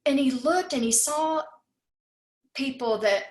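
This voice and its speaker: A tearful woman speaks in a higher register, her voice ringing in an echoey room. She talks with heartfelt emotion, repeating her words as she thanks her team. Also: takes it slowly. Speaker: host of an online coffee talk. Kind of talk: emotional farewell speech.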